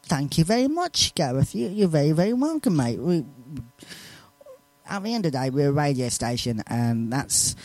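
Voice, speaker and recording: A chatty male radio host reads listener shout-outs live on air. His voice sits high and swings widely in pitch. The studio sound is close and dry. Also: moderate pace, no echo. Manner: chatty, animated, laughs between lines. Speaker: radio presenter.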